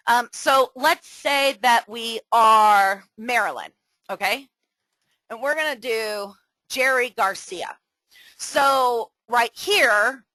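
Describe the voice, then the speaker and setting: Slow-talking bright-voiced coach woman. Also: sits high, no room sound, rough recording. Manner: chatty, animated, many fillers. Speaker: webinar coach. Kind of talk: casual webinar teaching.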